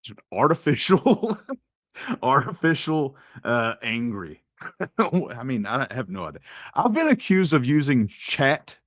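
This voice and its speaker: Male commentary host, mock-outraged, slow delivery, dry recording. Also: mid-range voice, very animated, a bit bright, dry recording. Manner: sarcastic, mock-indignant, slow and drawn out. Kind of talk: casual commentary.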